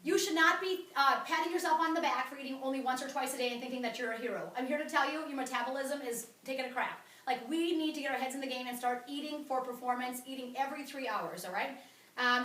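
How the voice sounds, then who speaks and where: A woman giving an energetic, blunt wellness talk to a group in a meeting room. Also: sits high. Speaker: wellness coach presenter. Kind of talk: sales presentation to a group. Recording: roomy, from far off.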